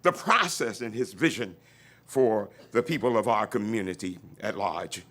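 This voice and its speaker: At an outdoor event, a man with a fairly low voice and lively intonation gives an invocation at normal speed. He prays fervently, rising to near-shouts, and leads the crowd in call-and-response lines.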